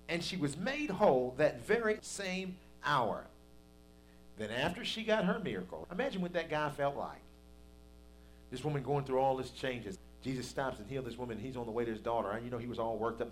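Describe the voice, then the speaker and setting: A man's voice: medium pitch, animated, moderate pace, slight background noise. A man preaching a sermon as pastor, in a folksy, conversational way that builds to emphatic peaks.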